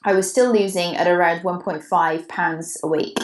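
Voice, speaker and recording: A woman's voice: lowish voice, steady tone, moderate pace, echoey room, poor audio. A Welsh woman co-hosting a podcast, chatting casually and reading out a listener's question, with a digressive manner. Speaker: podcast co-host.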